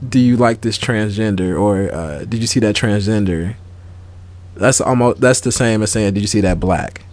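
A man's voice: fairly low pitch, moderate pace. A man co-hosting a casual podcast chat, earnestly explaining his point with many restarts. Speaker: podcast co-host.

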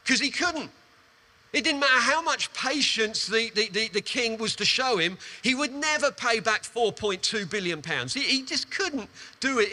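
A man preaching a sermon, retelling a parable with animated, emphatic storytelling and quick repetitions. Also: high voice.

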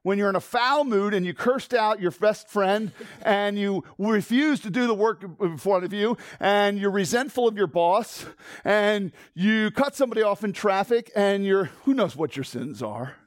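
A middle-aged man preaching a sermon as pastor, conversational and animated, swinging from loud emphasis to hushed tones and asking the congregation questions. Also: high-pitched, moderate pace, no room sound, clean studio sound.

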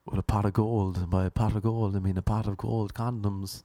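Brief: young Cork man, stand-up comic, deadpan delivery, low gravelly voice, dry sound. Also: fairly quick, no room sound. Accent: Irish, Cork. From Ireland. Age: 20s. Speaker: stand-up comedian. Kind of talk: stand-up comedy set.

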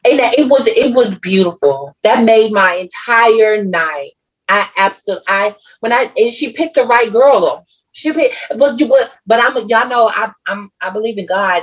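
A woman co-hosting a podcast, telling a personal story in casual chat with a lively, emotional, slangy manner. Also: mid-range voice, unhurried, slightly rough, rough recording. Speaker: podcast co-host.

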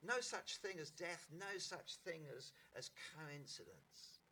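Bloke spinning theatre yarns, voice jumps all over, faint room hum. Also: male voice, a little high. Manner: animated raconteur, mimics voices, halting restarts. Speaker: actor guest. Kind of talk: anecdotal interview storytelling.

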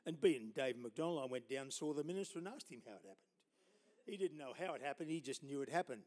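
High-voiced older Australian preacher. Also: male voice. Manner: storytelling, loud preaching bursts with laughs. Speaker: pastor. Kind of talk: sermon testimony.

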